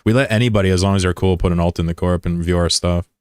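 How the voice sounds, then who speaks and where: A man's voice: low voice, steady tone, fast, darkish tone, clear, resonant tone, no room sound, clean studio sound. A man streaming a game in loose, joking chat, greeting and teasing viewers in slang. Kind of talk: casual live-stream chat, reading viewer messages.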